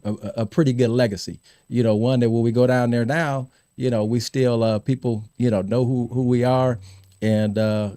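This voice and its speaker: A middle-aged man hosting a podcast, telling lively stories about his college team, laughing and repeating himself as he goes. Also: medium pitch, no echo, clean studio sound. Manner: animated storyteller, laughs and repeats words. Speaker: podcast host. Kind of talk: casual storytelling chat.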